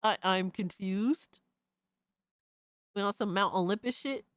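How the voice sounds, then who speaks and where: A young adult woman streamer doing profane, excitable reaction commentary, often shrieking in disbelief. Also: medium pitch, a little slow, no echo, studio quality, soft background music.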